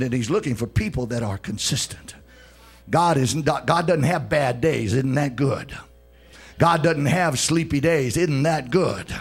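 A man preaching a church sermon, shouting and dropping low in turns, calling on the congregation to answer back. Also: vocal fry, slightly rough. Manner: call-and-response, shouting and swooping between loud and low. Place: church service before a congregation.

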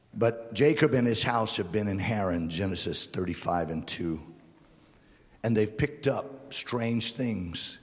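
A man preaching a sermon, swinging between low, quiet stretches and loud, impassioned peaks. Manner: impassioned, rises to near-shouting then drops low. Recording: long hall reverb.

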